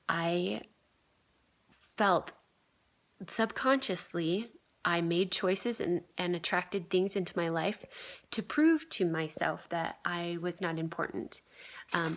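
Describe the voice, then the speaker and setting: A woman in her thirties speaks in a somewhat low voice, telling a personal story with an earnest, reflective manner. She leans on fillers and lets many phrases fade into a breathy whisper. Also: fairly bright tone. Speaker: vlogger sharing a healing story.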